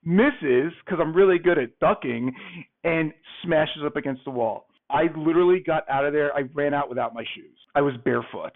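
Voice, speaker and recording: A man telling a wild first-date story in a casual, animated way, acting out both sides of the exchange. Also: a little high, normal speed. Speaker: guest telling a dating story. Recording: phone-like remote call audio.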